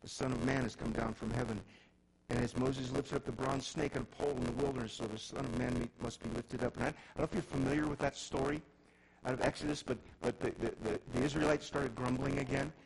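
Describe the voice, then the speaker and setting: A middle-aged man preaching a sermon as pastor, often restarting words and swinging between loud emphasis and quiet intensity. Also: medium pitch, fairly even intonation, quick pace, rough recording. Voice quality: gravelly.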